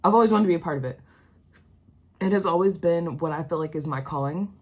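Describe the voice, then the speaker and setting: Young woman, low voice, candid casual vlog talk with plenty of fillers. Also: quick pace, darkish tone, breathy edge. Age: young adult. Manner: candid, emotional, many fillers like "um" and "like". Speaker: healthcare worker vlogger.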